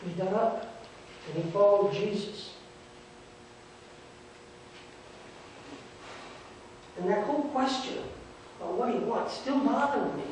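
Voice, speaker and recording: A man's voice: very high voice, slight background noise. A male pastor playing a scornful roadside merchant, telling the story in the first person in a sarcastic, dismissive way. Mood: reflective. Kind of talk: first-person dramatic sermon monologue. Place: church sanctuary. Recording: echoey church from a distant mic.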